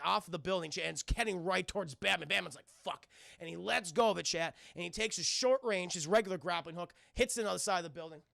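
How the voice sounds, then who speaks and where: High, gravelly, excitable male streamer. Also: dry recording, clean studio sound. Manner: excitable, profane, keeps addressing chat. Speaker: streamer and reviewer. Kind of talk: live stream recap to chat.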